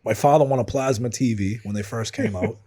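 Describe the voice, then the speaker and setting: A middle-aged man spins a long bar story among childhood friends. His voice sits at an ordinary mid pitch. He swears freely and checks in with "right?" every few phrases. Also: brisk, warm tone. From Medford and Malden, Massachusetts. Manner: profane, rambling storyteller who keeps adding "right?". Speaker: podcast host.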